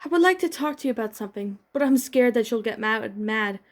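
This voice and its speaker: A woman's voice: fairly high pitch, lively intonation, fairly quick, lightly acted. Anxious teen superhero girl, read by a woman, guilty, pleading, fan-fiction reading. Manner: pleading, apologetic. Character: nervous guilty teen alien girl hero.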